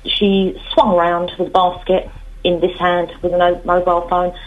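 A woman's voice: on the low side, monotone, normal speed, narrow, tinny audio. A woman caller on a radio phone-in, speaking hesitantly with many fillers.

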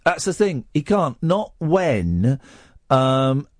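A man hosting late-night talk radio, animated and teasing, often talking over his callers. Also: fairly high pitch, takes it slowly, dry recording, clean studio sound. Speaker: radio host. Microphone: studio microphone.

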